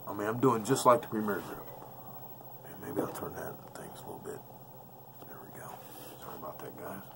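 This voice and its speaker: A man's voice: on the low side, slight background noise. A man giving a casual, slangy dice-throwing tutorial in a blunt, intense way, repeating his points off camera. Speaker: craps dice-control instructor. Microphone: off-camera voice, face never shown.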